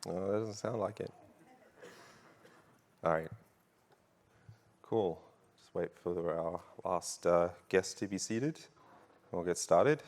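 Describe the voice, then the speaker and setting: A man's voice: low-pitched, slow pace, pauses often, darkish tone. A man with an Australian accent giving a jokey conference talk from a stage, rousing the audience, with many fillers. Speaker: conference speaker. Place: large conference hall.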